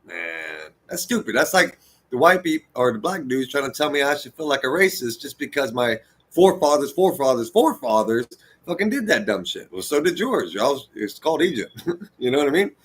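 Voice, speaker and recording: A man's voice: mid-range voice, very animated, fairly quick, fairly bright tone, slightly rough. A man in his forties giving an unscripted, heated and profane rant, rambling and preachy as he lectures his viewers. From United States. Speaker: vlogger.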